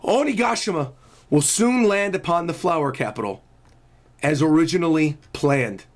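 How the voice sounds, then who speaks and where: A man voicing a menacing male dragon warlord, reading manga lines aloud in character in a slow, low, drawn-out growl. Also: lively intonation, natural voice.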